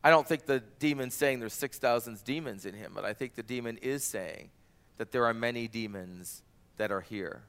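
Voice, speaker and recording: Guy preaching a sermon, super clear voice, gets loud and fired up on the quotes. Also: medium pitch, moderate pace. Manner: animated, rises loud for quoted cries. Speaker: pastor.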